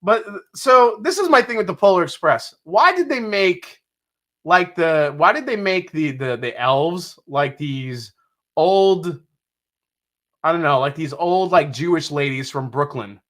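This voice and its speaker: A man's voice: on the high side, expressive, measured pace, sharp tone. A man from New York hosting a casual live stream, reading out viewer comments, joking, swearing casually and laughing often. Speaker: livestream host.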